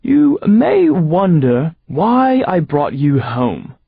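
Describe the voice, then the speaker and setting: A man voicing a smug, mocking male alien overlord with an English accent, gloating in slow, drawn-out taunts. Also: on the high side, huge pitch swings, gravelly, breathy edge, no room sound, narrow, tinny audio, pitched above the performer's own voice, heavily acted.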